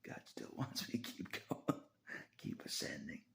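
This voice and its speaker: An exhausted man rambling in a half-whispered voice. He repeats himself and chuckles softly between phrases. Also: measured pace. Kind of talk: rambling spoken confession.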